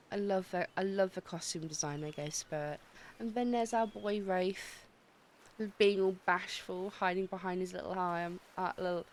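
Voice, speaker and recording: A woman streaming a dating game, chatting excitably and swearing freely as she reads the story text aloud. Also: mid-range voice. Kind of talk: let's-play commentary and reading game text aloud.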